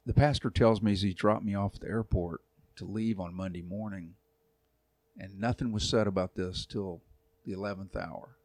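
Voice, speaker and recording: A man around sixty, a youth pastor, tells a long story in a relaxed podcast chat, acting out quoted voices and laughing often. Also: fairly low pitch, normal speed, dry recording. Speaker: youth pastor and church elder.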